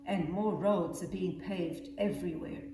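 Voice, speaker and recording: A teacher reading a children's story aloud in a gentle, measured way. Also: female voice, lowish voice. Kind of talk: storybook narration. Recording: echoey room, far from mic, music behind.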